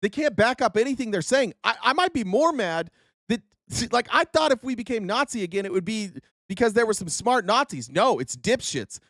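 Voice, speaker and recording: Sing-song, high-pitched and fairly bright, the voice moves fairly quickly, recorded at studio quality with no echo. It belongs to an American man in his thirties who hosts a live-stream and rants angrily and repetitively about politics, with profanity.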